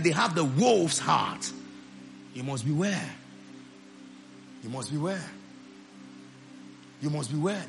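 A male pastor preaching a sermon to his church, rising into loud shouted declarations of prayer. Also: on the high side, vocal fry.

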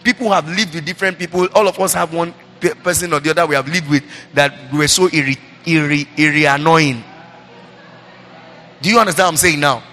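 Middle-aged pastor man preaching, bright voice, echoey church hall with faint hum. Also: on the high side, brisk. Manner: preaching, repetitive, animated asides. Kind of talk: sermon with Q&A. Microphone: handheld mic. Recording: reverberant hall with faint ambience.

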